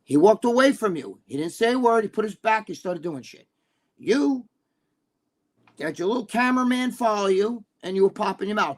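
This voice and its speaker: A man's voice: sits high, expressive, moderate pace. A man talking as a podcast guest, telling blunt, profane stories and checking in with his listener as he goes. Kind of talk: casual chat on a live-streamed podcast.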